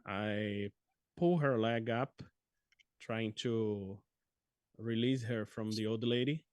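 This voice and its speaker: A man's voice: lowish voice, slow, darkish tone, no room sound, clean studio sound. A man playing a tabletop role-playing game, speaking hesitantly and often restarting his sentences. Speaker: player. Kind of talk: casual tabletop role-play.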